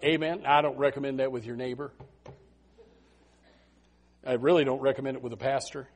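A man preaching a sermon as a pastor, telling Bible stories in an animated way and often repeating his words. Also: mid-range voice, fairly quick, a little hiss or hum.

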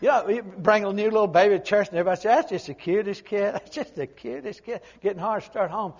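An older man preaching a humorous, folksy sermon, swinging from loud emphatic lines to quiet low asides. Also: fast, highs cut off.

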